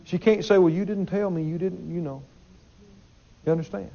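A man's voice: sits high, fairly even intonation, normal speed, creaky, warm tone, highs cut off. A man preaching a sermon in an emphatic way, repeating his phrases and putting questions to the congregation.

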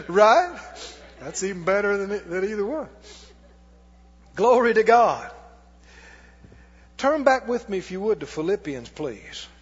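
Man preaching, high husky voice, echoey church hall, dull lo-fi sound. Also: big pitch swings, slow, pauses often. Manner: emphatic preaching with call-and-response questions. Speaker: pastor. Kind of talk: sermon.

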